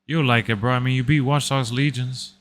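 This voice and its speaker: A young man in relaxed casual chat, using slangy speech and saying "bro" a lot. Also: mid-range voice, a little fast.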